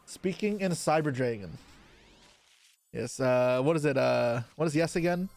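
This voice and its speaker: A man's voice: medium pitch, animated, a little slow, creaky, a little mellow, soft background music. A young man chatting casually on a live stream, answering his chat aloud while opening card packs, with offhand swearing. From Canada.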